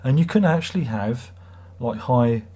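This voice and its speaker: Mellow and slightly rough, the medium-pitched voice of this middle-aged British livestream host is animated and unhurried at normal speed. He chats in a rambling, wry fashion, often poking fun at himself.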